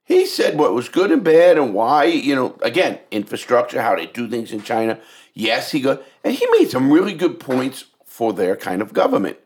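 A podcast co-host talking politics in casual chat, blunt and swearing a lot. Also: male voice, medium pitch, moderate pace. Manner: blunt, heavy swearing, animated.

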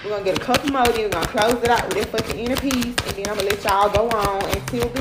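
A woman's voice: medium pitch, fast, hardly any pauses, roomy sound, very noisy. A woman giving a casual spiritual tarot reading to her followers, blunt and preachy, swearing constantly and punctuating points with "okay?" and "period.".

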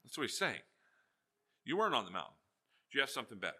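Bright-voiced animated male preacher. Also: mid-range voice, slightly rough. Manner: animated, jokey storytelling with quick swings between loud and hushed. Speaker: pastor. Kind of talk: sermon.

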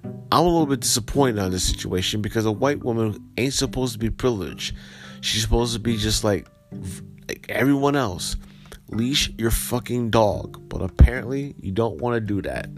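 A man's voice: fairly low pitch, animated, normal speed, music in the background. A man hosting a podcast. He reads a news story aloud and then gives blunt, profane commentary. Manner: blunt and profane, heated when ranting. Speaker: podcast host.

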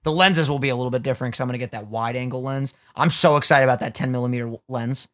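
A man's voice: mid-range voice, very fast, fairly bright tone. A young man co-hosting a casual podcast, joking crudely and swearing as he chats at a studio desk. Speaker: podcast co-host. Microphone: studio mic at a podcast desk.

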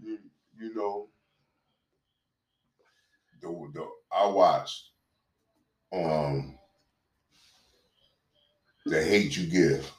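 A man in casual conversation, talking earnestly and haltingly with many fillers. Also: deep voice. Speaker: conversation partner. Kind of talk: casual chat. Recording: echoey room.

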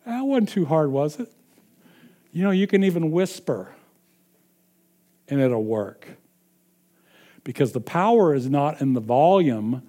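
A man's voice: on the high side, animated, unhurried, pauses often, mellow. A man preaching a sermon, emphatic and repeating his points with frequent chuckles.

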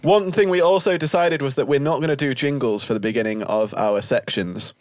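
A man's voice: mid-range voice, fairly quick, darkish tone. A young man hosting a casual podcast chat, teasing his friends and laughing often. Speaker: podcast host.

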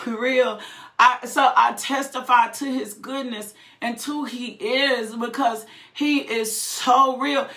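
Woman, fervent testimony, repeats herself, laughs through it, slightly high voice. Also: a bit bright. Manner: repetitive, fervent, breaks into laughter. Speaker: testifying believer. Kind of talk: emotional personal testimony. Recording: roomy echo.

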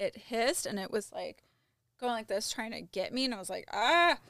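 A woman's voice: mid-range voice, fairly quick, creaky, dry recording, studio quality. A woman in casual chat, earnestly telling an anecdote.

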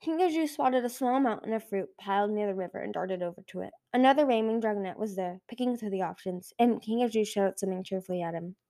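A woman reading a children's fantasy novel aloud in a measured way, with small slips and restarts. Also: medium pitch, dark tone. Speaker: audiobook reader. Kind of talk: storybook read-aloud.

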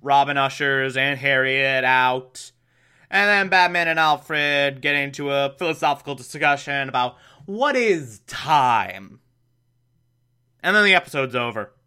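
A man's voice: mid-range voice, lively intonation, measured pace, bright, forceful tone, smooth. A man hosting a podcast, recapping an episode in a casual, chatty way, laughing often and adding mocking asides. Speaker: podcast host.

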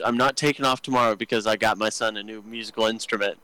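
A man's voice: on the low side, sharp tone, smooth, dry recording, poor audio. Crude joking young man on a podcast. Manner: crude, joking, fast rambling with many fillers. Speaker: podcast co-host. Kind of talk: casual storytelling chat.

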